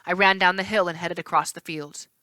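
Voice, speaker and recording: A woman reading a novel aloud in first person, expressive, with the odd slip and restart. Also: on the low side, brisk, no room sound. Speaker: read-aloud narrator.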